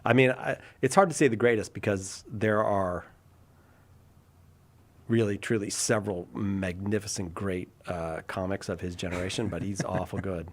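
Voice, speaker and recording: A man's voice: low-pitched, fairly even intonation, moderate pace. A man hosting a live call-in talk show, chatting casually and joking about himself while reacting to viewer comments. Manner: joking, self-deprecating, reads viewer comments. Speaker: radio show host.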